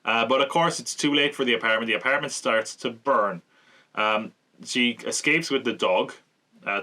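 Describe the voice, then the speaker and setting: A man hosting a podcast, casually recapping and reviewing a TV episode, chatty, laughing often and slipping into quick mock voices. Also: lowish voice, bright, forceful tone. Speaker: podcast host.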